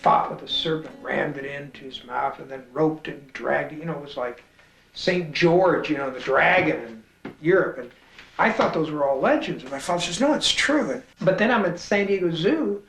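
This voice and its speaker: A middle-aged man telling family stories in a reflective, halting way, often repeating words as he thinks. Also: on the high side, vocal fry, a bit bright. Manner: thoughtful, repeats words as he searches. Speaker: author. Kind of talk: reflective interview voice-over. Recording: roomy sound with guitar music underneath.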